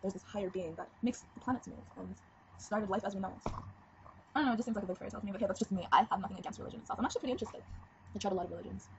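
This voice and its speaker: A teenage vlogger, seventeen, speaks in a rapid-fire, mid-range voice as she candidly rambles and giggles through a casual confessional video. Her webcam recording sounds dull and lo-fi, with light noise.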